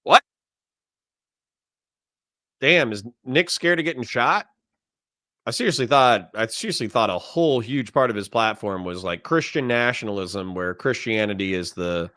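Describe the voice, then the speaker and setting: A man's voice: medium pitch, animated, a little slow, a bit bright. A man hosting a reaction video, commenting on a played clip in an exasperated, sarcastic rant and thinking aloud as he types out lists.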